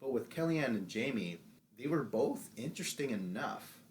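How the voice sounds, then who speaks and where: A man's voice: medium pitch, animated, slight background noise. Profane laughing podcast man. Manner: loose, profane, quick to laugh, does mocking impressions. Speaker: podcast co-host. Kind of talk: casual podcast chat.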